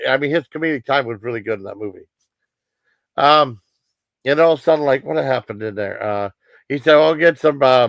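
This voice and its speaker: A man's voice: mid-range voice, creaky, fairly bright tone, no echo. A man casually recapping a shark movie on his livestream, rambling with lots of fillers and quoting the characters. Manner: rambling, full of fillers and quoted lines. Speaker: streamer reviewing a movie.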